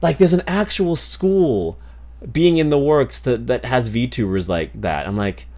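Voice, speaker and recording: This streamer has a medium-pitched, darkish voice and speaks at a measured pace, animated throughout. Reacting to videos and reading his chat live, he rambles playfully with plenty of repeats and laughter.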